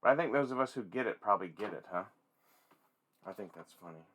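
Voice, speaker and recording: A man hosting a casual toy-collecting vlog, rambling and swearing freely with excitable energy. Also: on the low side, fast talker. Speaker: toy collector and channel host.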